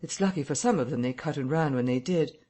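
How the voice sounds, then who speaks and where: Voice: medium pitch, fast, mellow, lightly acted. A reader voicing an invisible man who speaks in curt, cold threats. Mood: threatening. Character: invisible man, menacing and impatient.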